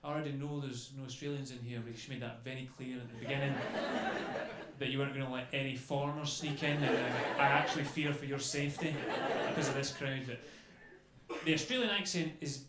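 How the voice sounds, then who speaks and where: A young man doing stand-up comedy, telling stories in a chatty, animated way and swearing freely. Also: medium pitch, fairly quick, very noisy. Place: comedy club stage before a crowd. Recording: echoey club with crowd laughter.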